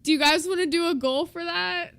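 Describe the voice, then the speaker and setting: Woman streamer, high-pitched, casual and joking, dry recording. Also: fairly quick, gravelly, a bit bright, dry recording. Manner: chatty, joking, reads terms aloud to chat. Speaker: livestreamer.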